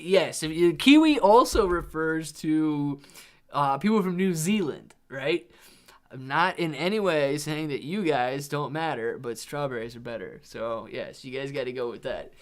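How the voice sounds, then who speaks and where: A man hosting a live stream, reading viewer chat aloud in a rambling, laid-back way and calling people "dude" and "man". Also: a little high. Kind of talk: casual livestream chat.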